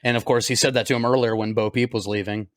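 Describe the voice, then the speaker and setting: A man in his thirties co-hosting a podcast, laughing a lot and retelling scenes with animated energy. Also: medium pitch, fast, no room sound, studio quality. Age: 30s. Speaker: podcast co-host. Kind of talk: casual chat.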